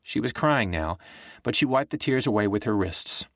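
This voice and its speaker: Male audiobook narrator, low pitch, dry close sound, measured delivery. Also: no room sound. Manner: even, measured storytelling.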